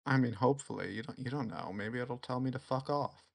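A man sits in as a guest on a casual podcast and talks about his writing. He answers in a plain, dry, matter-of-fact way. His voice sits at an ordinary middle pitch. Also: a little fast, creaky. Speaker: interview guest, story writer.

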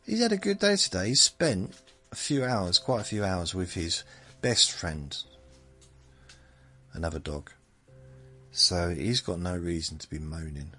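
A man in his seventies hosting a podcast, rambling in a meandering, self-mocking way, with drawn-out phrases. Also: low voice, bright, forceful tone, breathy edge. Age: 70s. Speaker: podcast host. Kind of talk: rambling bedtime monologue.

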